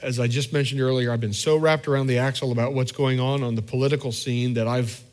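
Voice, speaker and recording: A man's voice: medium pitch, steady tone, fast, a little mellow. A middle-aged man preaching a sermon as pastor, candid and self-deprecating, acting out little quoted scenes in a conversational way.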